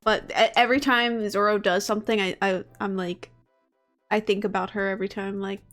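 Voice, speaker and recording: A woman's voice: mid-range voice, fairly even intonation, fairly quick, a bit bright. A woman talks casually on a stream, rambling through her thoughts with plenty of fillers and restarts. A faint bit of music plays under her voice. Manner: chatty, many fillers and restarts. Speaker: guest. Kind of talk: casual chat.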